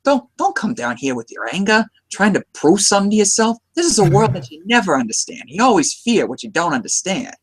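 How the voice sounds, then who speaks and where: A man doing a quick impression of a gruff, menacing mob boss with a New York accent. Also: high voice, sing-song, fairly bright tone, no echo, pitched above the performer's own voice, full character voice.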